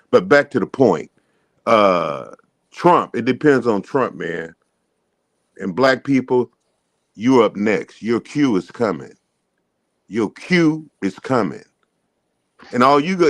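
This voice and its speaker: A man's voice: on the low side, dry recording. A man hosting a morning talk show, giving emphatic, preachy political commentary.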